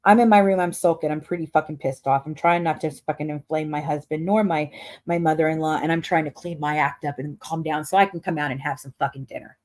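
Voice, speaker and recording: A woman's voice: sits low, steady tone, quick pace, a little mellow. A woman hosting a podcast, telling a story in a casual rant that is profane, emphatic and dramatic. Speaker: podcast host.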